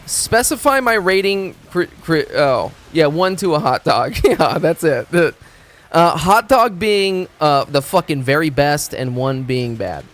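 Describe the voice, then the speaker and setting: A man's voice: on the high side, lively intonation, measured pace, fairly bright tone. A man streaming games in a rambling, profane chat, stumbling over his words and restarting sentences. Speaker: game streamer. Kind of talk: casual live-stream chat.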